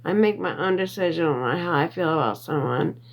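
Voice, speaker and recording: A woman livestreaming from her phone, reading viewer comments, getting worked up and loud, repeating herself and defending her character. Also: sits low, lively intonation, normal speed. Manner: reads and answers viewer comments. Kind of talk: emotional livestream chat.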